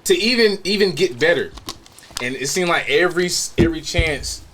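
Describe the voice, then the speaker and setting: A man hosting a podcast, reacting calmly and supportively in casual chat. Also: on the high side, moderate pace, a little hiss or hum, poor audio. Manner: calm, supportive listener. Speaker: podcast host.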